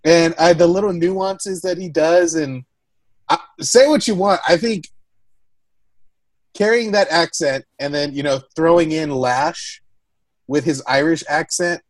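A woman's voice: low-pitched, unhurried, no room sound. A woman co-hosting a podcast, chatting casually about a movie, laughing often and teasing playfully. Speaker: podcast co-host. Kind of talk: casual movie review chat.

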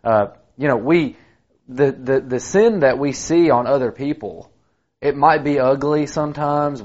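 A man's voice: mid-range voice, darkish tone, muffled recording. A man co-hosting a casual Bible study talk, speaking in a chatty, conversational way. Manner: conversational, chatty, frequent "you know". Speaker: podcast co-host, preacher.

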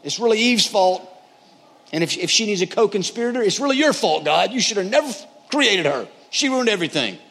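A man voicing a panicky adult man who whines and shifts blame, pitched well above his own voice. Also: very animated, a little fast, gravelly, fairly bright tone, breathy edge, full character voice. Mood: whining. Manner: high, pleading, blame-shifting. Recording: echoey hall, faint noise.

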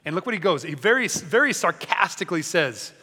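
A man preaching a sermon as a pastor, energetic and conversational, often joking with the congregation. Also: high voice, a little fast, husky, long reverb tail.

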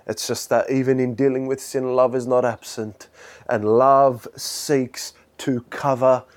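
A man preaching a sermon, swinging from loud, high exhortation to quiet, low intensity. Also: little pitch movement, unhurried.

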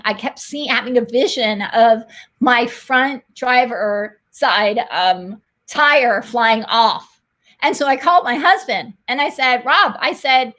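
A middle-aged woman hosting a faith talk show, telling a story with lively energy and frequent laughter. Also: fairly high pitch. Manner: excited storytelling, laughs often, fast animated retelling.

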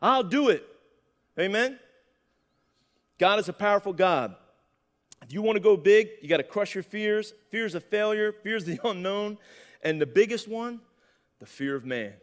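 A high-pitched man preaches with lively energy, pausing for amens from his listeners. His voice carries a long reverb, as in a church hall. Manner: animated, calls for "amen". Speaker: pastor. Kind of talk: sermon.

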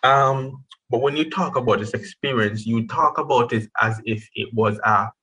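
A man hosting a conversational interview, with a bright, forceful voice. He asks probing questions in an encouraging way. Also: medium pitch, normal speed, poor audio.

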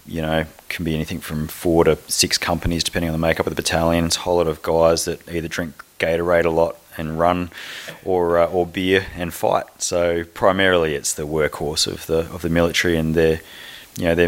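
A middle-aged man from South Australia with an Australian accent, an army officer telling his story in a relaxed, matter-of-fact way as a podcast guest. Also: low-pitched. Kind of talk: podcast interview.

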